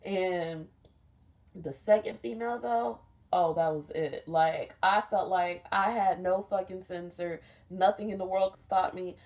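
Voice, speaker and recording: A young woman, a vlogger, recounts a dream in a loose, meandering way, cursing often and filling her speech with "like." Her voice sits fairly low and is darkish, with a steady tone and a slightly slow pace.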